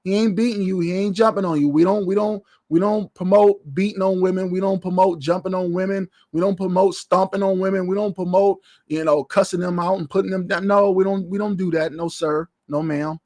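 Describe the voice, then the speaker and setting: A man's voice: sits high, fairly even intonation, brisk, hardly any pauses, darkish tone, dry recording, clean studio sound. A man preaching a sermon as pastor, in a loose, conversational way, often repeating short phrases.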